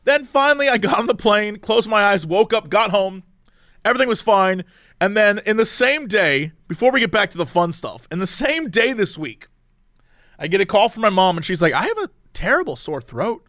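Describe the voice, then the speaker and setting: High, lively-voiced man telling a story. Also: moderate pace, no room sound, clean studio sound. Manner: animated, acts out people's lines in mimicked voices. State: tired from no sleep. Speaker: podcast co-host. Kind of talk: casual storytelling chat.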